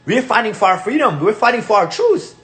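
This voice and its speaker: A man's voice: high-pitched, very animated, brisk, fairly bright tone. A man with a Russian accent, a native Russian speaker, giving a heated, profane rant as host of his own channel. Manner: profane, repetitive, ranting.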